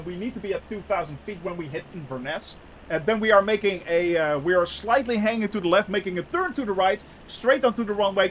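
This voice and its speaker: A young man chats through his flight-sim stream in a fairly high voice that rises and falls a lot, laughing easily and leaning on fillers. A faint hiss of noise sits behind him. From Netherlands. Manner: chatty, laughs often, many fillers. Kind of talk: casual live-stream commentary.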